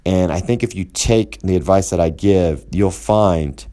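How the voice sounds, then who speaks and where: Guy with a really low mellow voice rambling through grappling training tips, acts out little back-and-forths. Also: measured pace. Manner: conversational, rambling, acts out quoted exchanges. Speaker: jiu-jitsu coach. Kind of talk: casual instructional talk.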